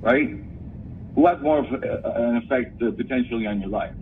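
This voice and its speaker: A man's voice: medium pitch, normal speed, recorded from a distance, slight background noise. Man ranting over a tinny phone line. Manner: aggressive, profane, berating. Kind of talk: angry phone rant.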